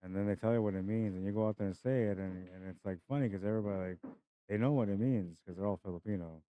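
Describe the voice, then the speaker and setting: A man's voice: lowish voice, quick pace, no room sound. A young man giving casual live-stream commentary on a pool match, chatty and laughing as he greets viewers by name. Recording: dry, slightly dull stream audio.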